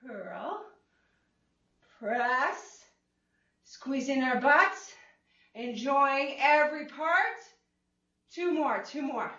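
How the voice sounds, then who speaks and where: A bright, high-voiced woman talks an exercise class through each move, playful and encouraging, with cheerful whoops. She speaks unhurriedly, and her voice rings in an echoey room, picked up from a distance on a dull, lo-fi recording. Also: animated, drawn-out words, pauses often. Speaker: fitness instructor. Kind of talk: chair-friendly exercise class instruction.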